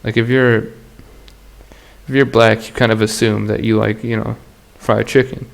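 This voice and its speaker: A man with a fairly low, level voice and some vocal fry speaks at a moderate pace. He's hosting his own podcast solo, rambling in a crude, slangy way and laughing often.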